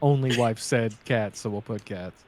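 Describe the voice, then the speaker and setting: A man's voice: fairly low pitch, normal speed. Dry-joking male player, faint hiss. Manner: dry, joking, matter-of-fact. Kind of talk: playing a character in a tabletop game.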